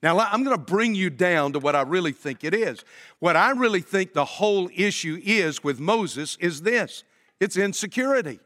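A man's voice: high voice, expressive, normal speed, a bit bright. A man preaching a sermon as pastor, talking to the congregation in a conversational way and asking rhetorical questions. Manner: addresses congregation directly.

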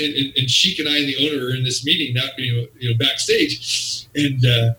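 Brisk and mid-range, a man's voice carries an animated interview story from a wrestling promoter, who performs the quotes of each person he describes. He's distant from the mic, and the recording has a roomy sound.

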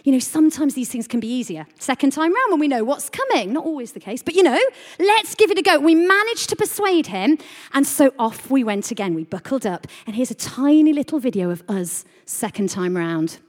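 A woman with a high, bright voice delivers an animated sermon, telling a family story and tossing questions out to the congregation. Her voice rings through a large hall with a long reverb. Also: fairly quick. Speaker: preacher. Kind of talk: lively sermon talk to a congregation. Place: church hall.

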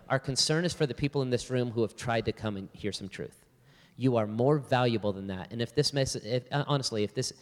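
A man's voice: mid-range voice, long reverb tail. A male pastor giving a church talk, telling a story animatedly and acting out both sides of a conversation before a live audience.

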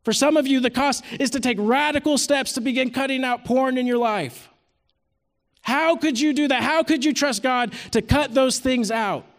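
Man, 30s, preaching. High, earnest, storytelling voice with long hall reverb. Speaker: retreat speaker teaching scripture. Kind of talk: sermon.

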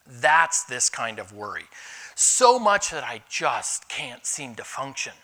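A middle-aged male pastor delivers a sermon in a bright, clear voice. His pitch swings widely as he tells candid personal stories with animated energy. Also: slow pace.

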